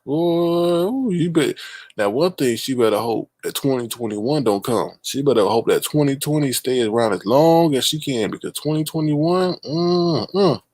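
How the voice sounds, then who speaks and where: A man's voice: mid-range voice, animated, normal speed, darkish tone, no room sound. A man hosting a livestream, ranting and scolding in sassy, slangy commentary. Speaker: livestream host.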